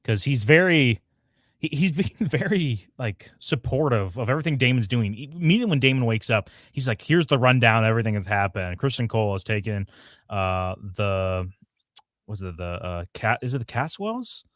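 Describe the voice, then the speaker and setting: A low-pitched man in casual chat, co-hosting a review livestream. He rambles and hunts for names mid-sentence, laughing along the way. The sound is dry and close, from a home mic. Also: animated, normal speed, a bit bright, dry recording. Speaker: podcast co-host.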